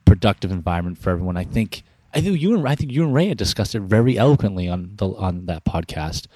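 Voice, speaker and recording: Fast-talking energetic male storyteller. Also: deep voice, no room sound. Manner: energetic, animated storyteller acting out quoted dialogue. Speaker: podcast guest, founder of an inspiration business. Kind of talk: casual storytelling interview.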